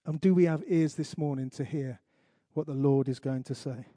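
A man preaching a sermon, earnest, reciting scripture slowly and emphatically, with light asides to the congregation. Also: a little high, warm tone, no room sound. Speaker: pastor.

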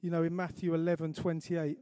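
A man preaching a sermon, earnest, reciting scripture slowly and emphatically, with light asides to the congregation. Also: on the high side, level tone, warm tone, dry recording, clean studio sound. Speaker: pastor.

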